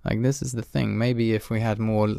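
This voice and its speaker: Gravelly low-voiced man talking candidly. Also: little pitch movement, normal speed, warm tone, no room sound, clean studio sound. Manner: candid, self-deprecating, swears often, laughs at himself. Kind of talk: casual reflective monologue.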